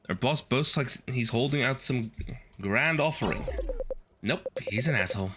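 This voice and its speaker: A man's voice: on the low side, expressive, normal speed, background noise. A male streamer reading a video game's story text aloud and adding wry, sardonic asides.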